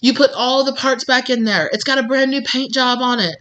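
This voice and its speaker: Bright-voiced encouraging woman tarot reader. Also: sits high, brisk, muffled recording. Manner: encouraging, calls listener babes, many fillers. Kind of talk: casual tarot reading to viewers.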